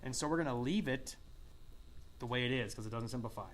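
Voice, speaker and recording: A man teaches a math class at a medium pitch and a somewhat quick pace. He asks students questions and echoes back what they say, with the occasional cough or throat-clear.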